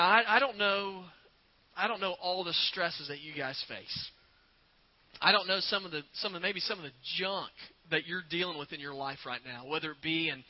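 High-voiced man preaching a sermon. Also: dull audio. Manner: earnest, repeats words, slows for emphasis. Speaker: pastor.

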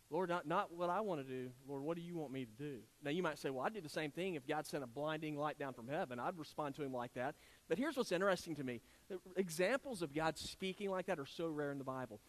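A male pastor, preaching an earnest, conversational sermon full of restarts and asides. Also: on the high side.

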